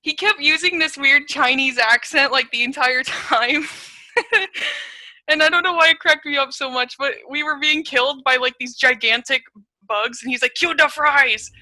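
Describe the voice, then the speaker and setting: A woman's voice: sits high, moderate pace, dry recording. A young woman telling funny stories in a casual chat over a video call, laughing often. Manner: giggly, animated storyteller. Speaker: interview guest.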